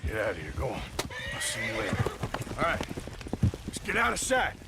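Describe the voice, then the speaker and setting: An actor playing a weary, level-headed male outlaw in a video game, talking in a gruff, clipped way. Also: mid-range voice, wildly swooping pitch, brisk, heavy background noise. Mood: cautious. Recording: game audio with music.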